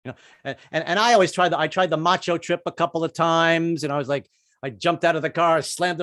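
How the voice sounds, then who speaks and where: Halting, stammering male stand-up comic. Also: a little high, steady tone, a bit bright, dry recording, studio quality. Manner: halting, repeats words, drops into quick bits. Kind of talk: stand-up comedy set.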